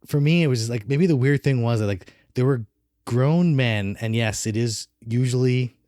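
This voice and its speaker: A man's voice: medium pitch, normal speed, a little mellow, dry recording, clean studio sound. A man co-hosting a casual film review podcast, opinionated and rambling, with frequent restarts. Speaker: podcast co-host.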